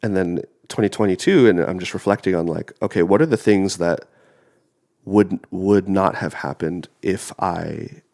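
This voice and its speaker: His voice is low, gravelly, and a touch mellow, moving at a moderate pace, and his cold has left him congested. This twenty-something podcast co-host chats casually, rambling and leaning on lots of filler words.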